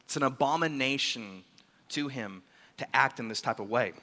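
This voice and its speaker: A man's voice: mid-range voice, moderate pace, bright, forceful tone. A man preaching a sermon, telling a biblical story with animation and acting out the characters' words. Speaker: pastor. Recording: long hall reverb.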